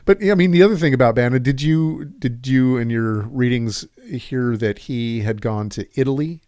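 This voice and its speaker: A man's voice: mid-range voice, moderate pace, darkish tone, dry recording, studio quality. A man co-hosting a podcast, rambling profanely through casual political chat with lots of fillers. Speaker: podcast co-host.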